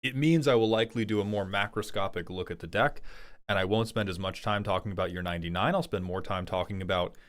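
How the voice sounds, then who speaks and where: A man streaming live as a reviewer of viewers' card game decks, talking casually and profanely with loud outbursts. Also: deep voice, fast talker. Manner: animated, profane, breaks into loud outbursts and laughter. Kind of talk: casual livestream commentary.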